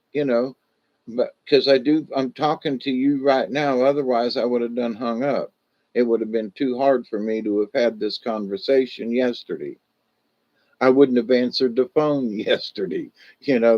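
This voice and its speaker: A man's voice: mid-range voice, fairly even intonation, moderate pace, a little mellow, lo-fi sound. A man chatting casually on a livestream from home, rambling in a folksy, repetitive way and leaning on "you know". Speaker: livestream host.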